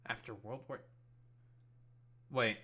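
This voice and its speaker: A male streamer talking casually to his viewers with an exasperated, profane edge. His voice has a bright, forceful tone at an ordinary middle pitch. He mocks and picks apart what he reads with blunt disbelief. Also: fairly even intonation, takes it slowly. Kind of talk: casual ranting commentary.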